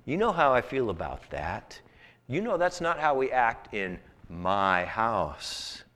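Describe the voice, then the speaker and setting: A man's voice: mid-range voice, big pitch swings, a bit bright, in a large hall. A preacher voicing a stern, firm father. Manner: firm, measured lecturing. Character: stern, loving father disciplining his son.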